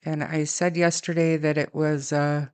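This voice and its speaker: Low, smooth-voiced woman co-host. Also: flat delivery, measured pace, a little mellow. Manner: friendly, thanks viewers and moderators. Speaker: livestream co-host. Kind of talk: casual livestream chat.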